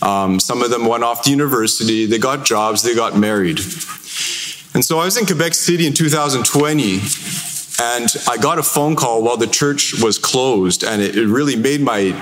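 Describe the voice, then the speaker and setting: A man with a Canadian accent giving a sermon as a parish priest, telling stories in a conversational way. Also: moderate pace. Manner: conversational storytelling with lively pitch swings. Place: large church. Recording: echoey church hall, faint noise.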